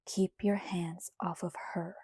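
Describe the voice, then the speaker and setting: A woman voicing a cold, controlled young male vampire who speaks in a hushed, velvety, menacing way in an audiobook. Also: fairly low pitch, flat delivery, slow, slightly rough, dry recording, clean studio sound, full character voice. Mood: cold menace.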